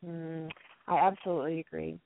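A woman guest speaker telling lively stories about conflict in a casual interview, acting out quotes in a high voice. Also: fairly quick, gravelly. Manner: animated storyteller, acts out quotes in a high voice. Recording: dry tinny phone-like line.

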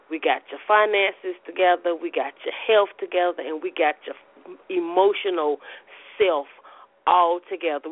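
A woman hosting a casual radio talk show, bubbly and gushing, dropping call-and-response church phrases. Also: on the low side. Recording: tinny phone-like radio audio.

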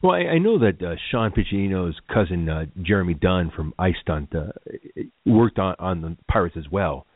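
A man's voice: low-pitched, moderate pace, dry recording. A man hosting a radio interview, asking questions in a loose, chatty way with stumbling repeats. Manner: lively, laughs often, stumbling repeats. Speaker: radio show host. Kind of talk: casual interview. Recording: tinny phone-like line, dry.

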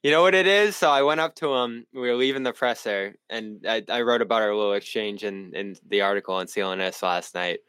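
A man's voice: on the low side, a little fast, few pauses, a bit bright, smooth, no room sound. A man with a Boston accent, a sports reporter telling stories and laughing often in a podcast panel chat.

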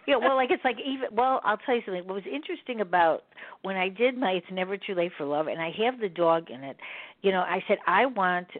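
A woman's voice: medium pitch, fast, no room sound. Talk-show host, woman, rambling chatty delivery, phone-line sound, dry. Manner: rambling, animated, laughs often. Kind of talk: casual chat.

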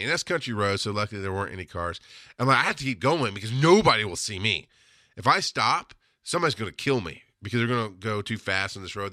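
A man's voice: mid-range voice, sharp tone, no room sound, studio quality. A man hosting a podcast, talking candidly in a casual monologue, laughing often and swearing freely. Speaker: podcast host.

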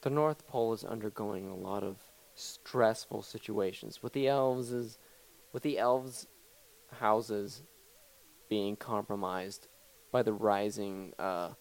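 A man's voice: fairly low pitch, fairly even intonation, slow pace, creaky. A young man hosting a comedy talk show, ranting in a rambling, profane, mock-serious way. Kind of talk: improvised comedy rant.

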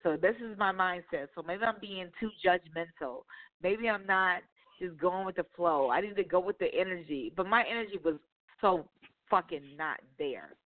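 A woman's voice: on the low side, moderate pace. Irritated woman on a phone line. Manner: profane, exasperated, animated retelling. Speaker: caller telling a dating story. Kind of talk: casual storytelling on talk radio.

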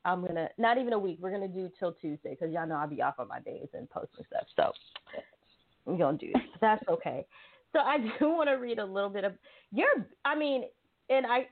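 A woman's voice: medium pitch, phone-quality sound. A woman from South Carolina with a Southern US accent, hosting a talk show in a chatty, teasing way and talking straight to her listeners. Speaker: show host. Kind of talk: casual talk show chat.

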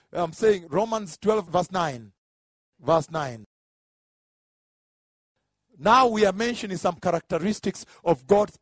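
A man's voice: on the high side, darkish tone, slightly rough, dry recording, clean studio sound. A man preaching a sermon, counting off points emphatically and laughing at his own humor.

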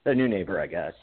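A man's voice: low-pitched, slightly rough. A man co-hosting a podcast, chatting casually in a rambling, joking way and laughing often. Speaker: podcast co-host. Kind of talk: casual chat. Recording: phone-like call audio.

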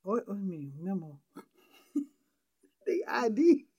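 Lively laughing woman radio host. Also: medium pitch, slow pace, breathy edge, no room sound. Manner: playful, laughing, teasing. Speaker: radio gospel show host. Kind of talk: casual radio banter. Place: radio studio.

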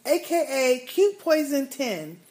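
A woman co-hosting a casual fan podcast, reading listener emails aloud and adding her own lively asides. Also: sits high, slow pace. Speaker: podcast co-host.

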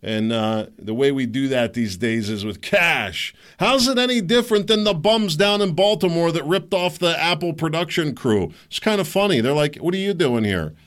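A man's voice: on the high side, normal speed, few pauses, a bit bright. A man hosting a podcast, delivering a rambling, sarcastic and indignant political commentary monologue. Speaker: podcast host.

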